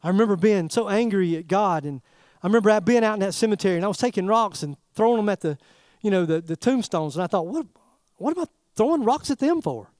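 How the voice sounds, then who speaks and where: A man preaching a sermon in a folksy, animated way, throwing rhetorical questions at the congregation. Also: high voice, fast, smooth, dry recording, studio quality. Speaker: pastor.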